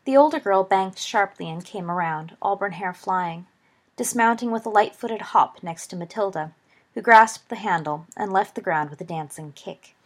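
A woman reading a story aloud in a steady, expressive narration. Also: medium pitch, normal speed. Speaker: audiobook reader.

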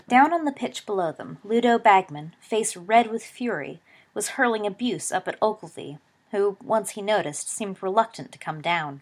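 Expressive woman reading a story aloud. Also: medium pitch, moderate pace. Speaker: narrator. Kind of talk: audiobook reading of fan fiction.

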